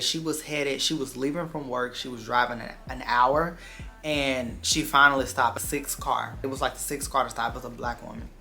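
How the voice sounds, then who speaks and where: Bright-voiced man telling a vivid story. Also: mid-range voice, vocal fry. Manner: animated, profane, emphatic storytelling. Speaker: vlogger. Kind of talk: storytime vlog.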